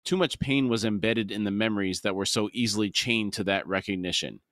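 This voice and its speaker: A man's voice: lowish voice, fairly bright tone, no room sound, studio quality. Man narrating a novel on a podcast. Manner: measured narration, explanatory asides. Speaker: podcast co-host. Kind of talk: reading aloud and discussing a fantasy novel.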